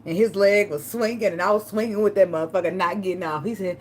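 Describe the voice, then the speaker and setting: A woman tarot reader giving casual spiritual advice, telling a personal story and breaking into a high pleading voice to act out begging. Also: quick pace, a little hiss or hum. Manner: animated storytelling, acts out begging in a high pleading voice, laughs often.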